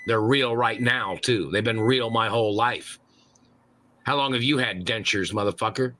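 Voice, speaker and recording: A man's voice: lowish voice, moderate pace, a little hiss or hum. Furious cursing man ranting hard. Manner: shouting, cursing, furious accusations. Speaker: caller on a livestream. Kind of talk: angry profane rant.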